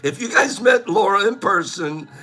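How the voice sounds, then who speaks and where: A man's voice: high-pitched, animated, moderate pace, sharp tone. A middle-aged man hosting a casual chat, goofy, often laughing and breaking into silly bird calls. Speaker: host.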